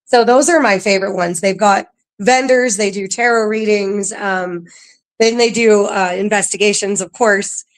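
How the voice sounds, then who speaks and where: A woman's voice: medium pitch, fairly even intonation, normal speed. Chatty woman full of ums. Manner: chatty, laughs often, filler-heavy. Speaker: paranormal museum staff guest. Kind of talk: casual podcast interview.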